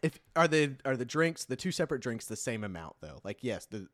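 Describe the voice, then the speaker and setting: A man's voice: medium pitch, sing-song, fairly quick. A man co-hosting a casual podcast, teasing and arguing with his friend and laughing often. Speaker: podcast co-host. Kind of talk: casual banter.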